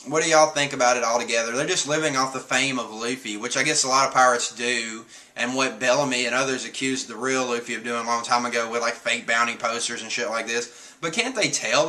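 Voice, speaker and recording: A man's voice: medium pitch, pushed and bright. A man streaming, casually rambling through a comic chapter review, chuckling often and swearing now and then. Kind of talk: casual chat.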